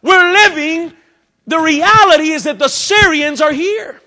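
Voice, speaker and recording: A man preaches a sermon in a church. His voice sits very high and rings bright. He swings from dramatic near-shouts down to hushed, intimate asides. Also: a little slow. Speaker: pastor.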